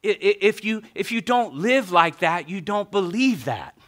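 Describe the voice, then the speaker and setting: A man preaching a sermon as pastor, animated and joking with the congregation. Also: high voice, unhurried.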